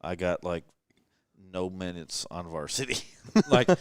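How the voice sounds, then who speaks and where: A man in his thirties with a low voice tells self-deprecating stories in a relaxed late-night chat. The sound is close and dry, as if recorded around a table in a rental house. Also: measured pace, clear, resonant tone, dry recording. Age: 30s. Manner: self-deprecating storyteller, joking. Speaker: podcast guest shooter. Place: rental house living room.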